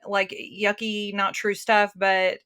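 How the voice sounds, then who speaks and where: A woman's voice: medium pitch, little pitch movement, takes it slowly, a bit bright, clean tone. A woman guest talking earnestly and casually in an interview, with many fillers and restarts, over a remote call. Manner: earnest, talks from the heart.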